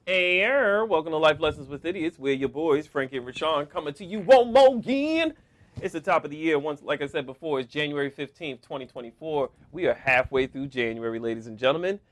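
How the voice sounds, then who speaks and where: A man's voice: a little high, expressive, a little fast. A man co-hosting a casual podcast, joking around and laughing often as he talks. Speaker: podcast co-host. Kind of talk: casual chat.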